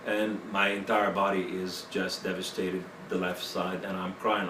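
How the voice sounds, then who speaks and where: An interview guest, a man, gives his personal testimony in broken English full of fillers, his low voice steady and at normal speed with hardly any pauses. The recording is noisy, made in an echoey room with the mic at a distance.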